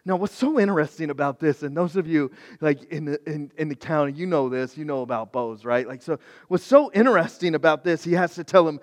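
A high-voiced man preaching in a casual, animated way, slipping into the voices of the characters in his story. His words ring out with a long reverb across a large hall. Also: normal speed. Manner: animated and conversational, acting out biblical characters. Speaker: pastor. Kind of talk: sermon.

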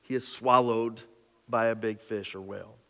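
A man preaching a sermon as pastor, animated and storytelling, moving between loud exclaiming and quiet reflection. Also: lowish voice, normal speed. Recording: reverberant hall.

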